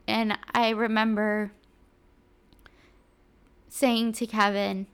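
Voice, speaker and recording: A young woman telling her own illness story in a casual, halting way, with many fillers, at times close to tears. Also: medium pitch, flat delivery, creaky, smooth.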